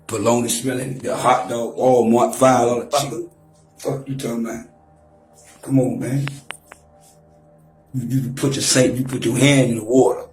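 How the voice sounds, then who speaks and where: A man's voice: medium pitch, little pitch movement, normal speed, pauses often, darkish tone, echoey room, faint music behind. A man in his forties trash-talking and taunting on a profane livestream rant, mock-rapping at times. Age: 40s.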